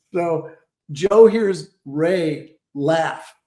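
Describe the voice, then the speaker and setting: A man, a comedian guest from Detroit, telling animated stories and slipping into voices. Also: fairly high pitch, extremely slow. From Detroit, Michigan. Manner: animated, lots of voices and laughs. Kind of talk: storytelling with impressions. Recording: roomy echo.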